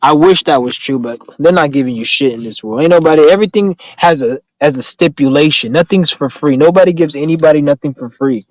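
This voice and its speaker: Rambling, cursing man, slightly high voice. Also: a little fast, hardly any pauses, no echo, low-quality recording. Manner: rambling, profane street slang; animated storytelling. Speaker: live stream host answering viewer questions. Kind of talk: casual live-stream chat.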